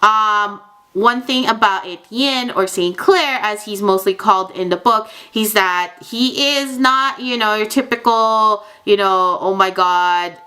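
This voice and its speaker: A woman's voice: mid-range voice, a little slow, bright, forceful tone, smooth. A young woman chatting in a casual book review vlog, gushing and chatty with lots of fillers.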